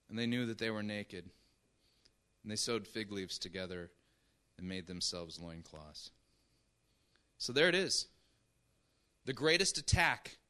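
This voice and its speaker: Bright-voiced, emphatic male preacher. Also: mid-range voice. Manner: emphatic, keeps checking in with "right?" and "okay?". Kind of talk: sermon.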